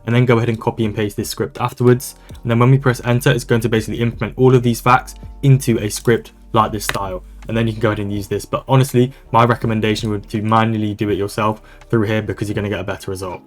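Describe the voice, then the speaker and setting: Man, low voice, rapid upbeat walkthrough, casual coach tone, faint background music. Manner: brisk, casual, upbeat instructional talk. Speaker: online business coach. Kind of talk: screen-recorded software tutorial. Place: voice-over on a screen recording.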